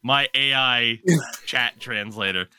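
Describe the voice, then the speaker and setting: A man's voice: medium pitch, takes it slowly, sharp tone, slight background noise. A man hosting a podcast, chatting casually about sports and joking often with a bit of profanity. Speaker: podcast host.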